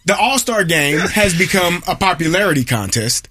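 A man's voice: high voice, lively intonation, normal speed, pushed and bright, slightly rough. A man co-hosting a casual sports talk show, joking and playful.

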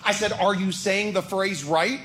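A man telling a stand-up story, getting more and more exasperated until he is laughing and shouting. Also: high voice, steady tone, measured pace, a little hiss or hum. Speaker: stand-up comedian.

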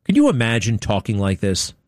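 A man's voice: on the low side, wildly swooping pitch, brisk, no room sound, studio quality. A man hosting a talk show, giving opinionated commentary in a sarcastic, mocking way.

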